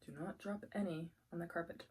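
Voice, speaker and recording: A woman hosting an eating vlog, talking softly and giddily between bites, recorded close to the mic. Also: on the low side, steady tone, fairly quick, slightly rough. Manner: soft-spoken, giddy and appreciative between bites. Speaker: mukbang host. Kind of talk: casual eating vlog with soft asides. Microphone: close mic picking up eating sounds.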